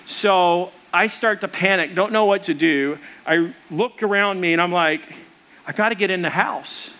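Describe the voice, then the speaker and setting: A man's voice: high voice, normal speed. A man preaching a sermon, telling a story in a loose, conversational way and acting out the voices in it. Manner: animated, acts out the voices in his story; conversational, with fillers and restarts. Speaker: pastor.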